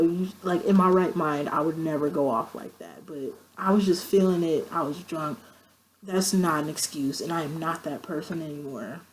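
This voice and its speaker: Animated, profane woman telling a story. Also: a little hiss or hum, poor audio. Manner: animated, profane, acts out quoted friends with pitch jumps. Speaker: vlogger. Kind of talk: casual storytelling.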